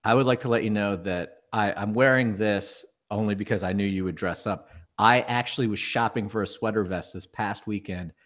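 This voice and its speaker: A fairly low male voice in relaxed podcast chat. He teases his co-host with dry, offhand humor. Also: normal speed. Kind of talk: casual chat.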